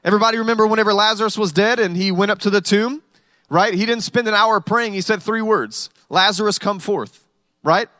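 High-voiced man preaching a sermon. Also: a little fast, pushed and bright, no echo. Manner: conversational preaching with humorous storytelling. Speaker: pastor.

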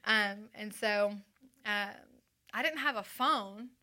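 A woman's voice: medium pitch, slow, bright, forceful tone. A woman telling her personal testimony to a live audience indoors, chatty and full of fillers, acting out the voices of the people in her story. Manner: chatty, acts out quoted voices, frequent fillers. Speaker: speaker giving her testimony.

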